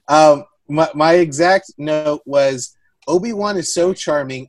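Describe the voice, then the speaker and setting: A woman's voice: low-pitched, takes it slowly, no room sound. A woman co-hosts a casual movie chat, laughing often and teasing her friends as she goes. Her voice sits close and dry, with no room around it. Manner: laughing, animated, playfully teasing. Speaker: podcast co-host.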